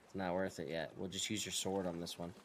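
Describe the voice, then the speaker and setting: A man streaming a video game, chatting casually with a teammate in relaxed, profane banter while they plan pranks. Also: deep voice, quick pace, slight background noise. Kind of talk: casual gaming chat.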